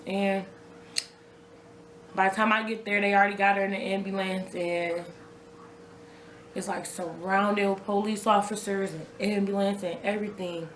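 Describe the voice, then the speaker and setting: Young woman talking straight to her viewers, casual, keeps repeating herself, mid-pitched, roomy echo, a little hiss behind. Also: little pitch movement, normal speed, long pauses. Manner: casual and conversational, talks to viewers directly, repeats phrases. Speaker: vlogger telling her own story. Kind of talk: raw personal storytelling to camera.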